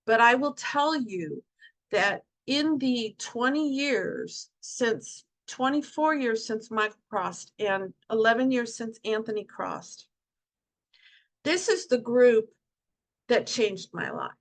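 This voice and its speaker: Woman, middle-aged, passionate, heartfelt storyteller, somewhat high voice, video call. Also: expressive, slow. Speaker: guest speaker at support group. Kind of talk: emotional personal talk to an online group.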